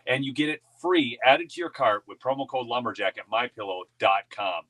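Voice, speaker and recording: Male political show host with a bright, forceful voice, folksy and casual. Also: medium pitch, expressive, normal speed. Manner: folksy, addresses listeners as folks. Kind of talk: casual political talk with sponsor plugs.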